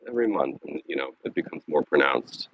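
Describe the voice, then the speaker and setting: A man's voice: a bass voice, animated, brisk, a bit bright, a little hiss or hum. A man live-streaming while walking his dogs outdoors, talking casually and bluntly, with sarcasm and frequent swearing. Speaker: vlogger live-streaming a dog walk. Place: outdoors on a city walking path.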